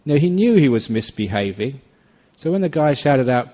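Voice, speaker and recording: A man's voice: mid-range voice, normal speed. A man speaking as a Buddhist monk in a dharma talk, telling anecdotes and often laughing. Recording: dull lo-fi recording.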